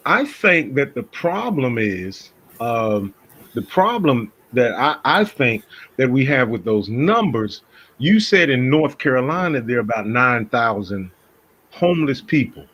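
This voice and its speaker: A man from Philadelphia with a Philadelphia accent, talking through an interview in a casual, animated way and often repeating his phrases. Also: mid-range voice, a little slow.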